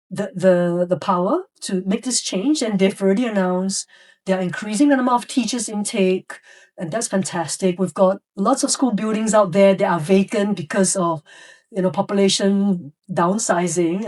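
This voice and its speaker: A woman's voice: mid-range voice, a little mellow, distant mic. A woman educator telling classroom stories in a podcast interview, acting out the voices of students and teachers. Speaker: educator guest.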